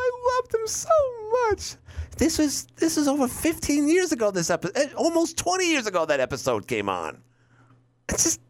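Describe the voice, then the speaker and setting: A man hosting a call-in radio talk show, rambling and animated as he acts out lines from shows. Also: sits high, dry recording.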